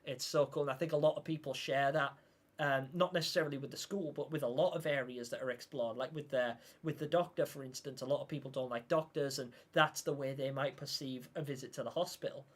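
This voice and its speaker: A man's voice: mid-range voice, steady tone, fast. Chatty man streaming a game. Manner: chatty, rambling, reading chat aloud. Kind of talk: casual game livestream commentary.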